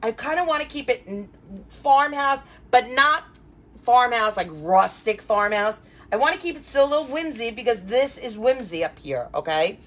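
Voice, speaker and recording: A woman's voice: a little high, expressive, moderate pace. A woman who designs wreaths, hosting a chatty live craft tutorial and greeting her viewers by name. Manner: chatty and upbeat, many fillers and asides to viewers.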